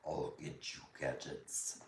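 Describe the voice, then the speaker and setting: A woman putting on a growling, strained low voice as a gruff male villain, recorded from a distant mic in a roomy space. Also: takes it slowly, a little mellow, slight background noise, lightly acted. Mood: gruff menacing.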